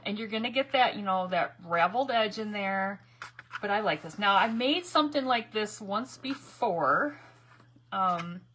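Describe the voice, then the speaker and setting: A woman hosts a casual live crafting stream from home, talking viewers through each step. She chats freely, laughs a lot and greets people by name. Her voice is bright and sharp, over a faint background noise. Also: medium pitch. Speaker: craft livestream host.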